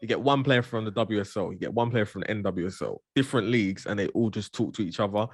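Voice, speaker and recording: A man's voice: on the low side, fast talker, slight background noise. A man, co-hosting a podcast in laid-back, easygoing chat.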